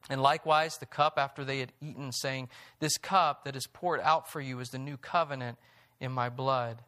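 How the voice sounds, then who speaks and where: A man preaching a sermon, reading scripture aloud and rising in pitch and volume on emphatic points. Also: fairly even intonation, moderate pace, bright, forceful tone. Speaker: pastor.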